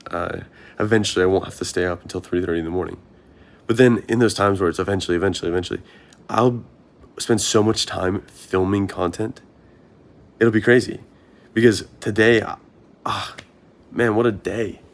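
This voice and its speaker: A young man, a marathon runner, talking through his thoughts in an earnest, rambling vlog monologue, often asking himself questions. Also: deep voice.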